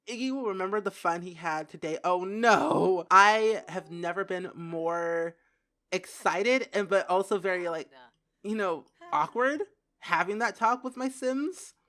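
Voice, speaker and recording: A young woman giving casual gameplay commentary who giggles, gets excited and says "like" a lot. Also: on the low side, measured pace. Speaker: gaming video creator.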